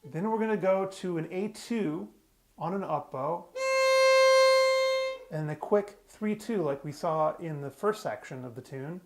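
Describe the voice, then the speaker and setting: Patient male fiddle teacher, higher voice. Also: unhurried. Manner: patient, plain explaining with small restarts. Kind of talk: step-by-step music lesson. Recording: fiddle music playing loudly. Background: his own fiddle playing.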